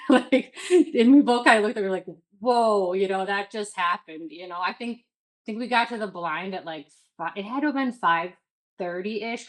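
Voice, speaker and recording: A woman's voice: medium pitch, rough recording. A woman in her thirties from the Midwest, telling a story as a guest in a casual interview, full of "like" and quoted self-talk.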